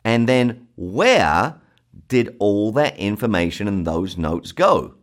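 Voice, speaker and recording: Emphatic South London man, lively pitch. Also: slow pace. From South London, England. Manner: rhetorical questions, emphatic. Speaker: success program presenter. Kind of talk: persuasive sales talk.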